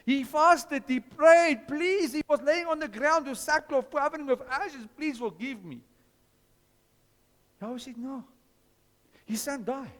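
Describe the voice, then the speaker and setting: A man preaching a sermon as pastor, questioning his congregation and teaching from scripture with an animated delivery. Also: extremely high pitch, normal speed, hardly any pauses, long reverb tail.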